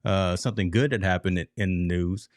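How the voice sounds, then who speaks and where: A man hosting a casual sports talk podcast, telling stories in an animated way and talking straight to his listeners. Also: sits low, fairly quick, dry recording, studio quality. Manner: animated storytelling, addresses listeners as folks. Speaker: podcast host.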